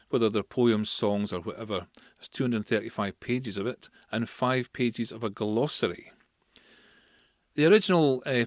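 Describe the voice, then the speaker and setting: A man's voice: fairly low pitch, dry recording, studio quality. Scottish man telling history casually. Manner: chatty, explains with asides and fillers. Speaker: podcast host.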